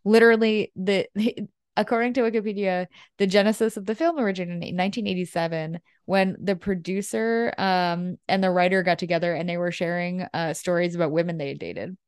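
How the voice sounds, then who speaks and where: A woman's voice: fairly low pitch, steady tone, clean tone, no echo, clean studio sound. Giggly woman in casual movie chat. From United States. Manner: giggly, chatty, quick to agree. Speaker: podcast co-host.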